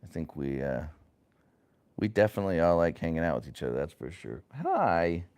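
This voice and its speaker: A man chats casually on his family's livestream. His voice is low and clear, and he speaks slowly, with lively pitch and plenty of "uh"s and restarts. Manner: rambling, many fillers and restarts. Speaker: parent hosting a family livestream.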